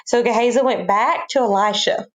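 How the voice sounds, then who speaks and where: High-voiced woman telling kids a Bible story. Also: normal speed, roomy sound. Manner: animated, talks directly to the children with questions. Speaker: children's Bible class teacher.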